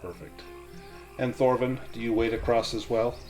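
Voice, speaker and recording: A man narrating as game master of a tabletop game, relaxed and quick to laugh. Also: medium pitch. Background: faint music.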